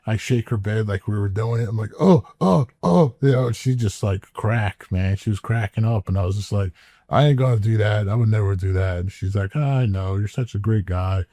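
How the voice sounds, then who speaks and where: A man with a low, dark, relaxed voice tells a long story on a podcast. He drawls, stammers and circles back over his words. The recording is dry and close-miked. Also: fairly quick, no room sound. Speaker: podcast co-host. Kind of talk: casual storytelling chat.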